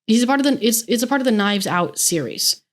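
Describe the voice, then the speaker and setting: A woman's voice: a little high, animated, fast. Young American woman, solo podcast host, chatty and effusive, loose rambling delivery, curses often. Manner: gushing, rambling, swears freely. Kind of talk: casual solo podcast chat.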